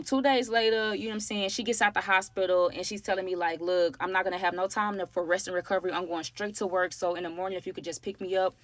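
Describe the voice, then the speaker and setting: A young woman, chatting through a storytime to her viewers, slangy and lively, calling them y'all. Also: lowish voice, no echo. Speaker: storytime vlogger. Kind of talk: casual storytelling to camera.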